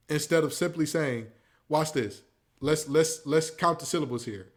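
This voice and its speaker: A man's voice: medium pitch, moderate pace. A man hosting a casual sports talk show, ranting with mock quotes. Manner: animated, preachy rants with mock quotes. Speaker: podcast host.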